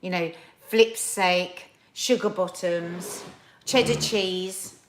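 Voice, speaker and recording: A woman's voice: fairly low pitch, steady tone, slow pace, soft background music. A woman hosting a live stream, chatting casually and reading viewer comments aloud with playful, exaggerated delivery. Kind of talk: casual chat.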